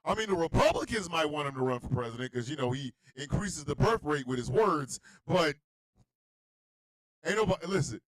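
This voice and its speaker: High, lively male radio host, loud incredulous comic ranting, dry close sound. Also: normal speed, dry recording. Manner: animated, shouting, incredulous. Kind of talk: comedic talk radio rant.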